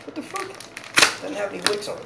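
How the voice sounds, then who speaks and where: Heavy background noise surrounds this young YouTube host from Philadelphia as he chats casually on a live stream. His high voice is very animated, fast, and has vocal fry. He rambles, curses, and laughs frequently.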